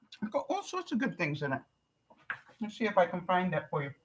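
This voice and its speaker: An older woman from Canada chatting casually on a live stream, answering viewer comments in a chatty, relaxed way. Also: lowish voice, fairly quick, slight background noise, rough recording. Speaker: vlogger.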